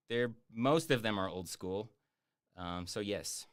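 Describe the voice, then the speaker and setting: A man chatting casually on a live stream, answering viewer questions in a rambling, jokey way with lots of fillers and deadpan boasts. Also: fairly low pitch, slow, clear, resonant tone. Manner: hesitant with many fillers. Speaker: YouTube streamer answering chat.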